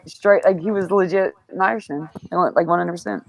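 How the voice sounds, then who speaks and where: A woman with a lowish voice chats on a livestream, halting and hesitant, searching for words. Her voice sounds dry and close to the mic. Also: gravelly, dry recording, low-quality recording. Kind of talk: casual livestream chat.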